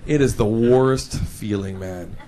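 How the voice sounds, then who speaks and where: A young man performing a stand-up comedy routine, animated and quick to slip into put-on voices for the characters in his stories. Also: lowish voice. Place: stage before a live audience. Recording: live show with loud crowd laughter and noise.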